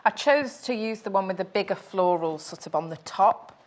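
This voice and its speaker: A woman's voice: mid-range voice, normal speed. A woman guest on a sewing show, answering the host in short, dry replies. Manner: brief, dry replies with laughs. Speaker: guest quilter. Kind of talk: casual chat.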